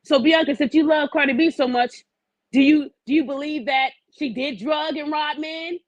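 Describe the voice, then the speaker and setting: A woman's voice: high voice, moderate pace, no echo, highs cut off. A woman hosting a podcast, ranting bluntly and profanely and firing pointed questions at her audience. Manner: challenges the listener with pointed questions. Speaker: podcast host. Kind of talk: opinionated podcast rant.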